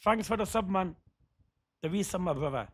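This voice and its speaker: A man's voice: sits high, expressive, moderate pace, fairly bright tone, husky. A man, a father, streaming a game and chatting with viewers in laid-back slangy banter. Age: adult father. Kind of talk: casual livestream chat.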